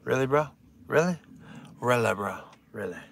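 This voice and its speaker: A man's voice: medium pitch, lively intonation, moderate pace, gravelly, a bit bright, a little hiss or hum. A young man doing rambling stand-up on a live stream, swearing often and drifting into silly bits. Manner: rambling, swears a lot, breaks into silly songs.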